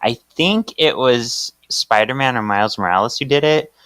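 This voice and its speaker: A man's voice: medium pitch, fairly bright tone, smooth, no echo, clean studio sound. A man co-hosting a podcast, chatty and playful as he recaps a comic. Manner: chatty, playful, does quick voices for characters. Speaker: podcast co-host. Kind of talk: casual chat recapping a comic.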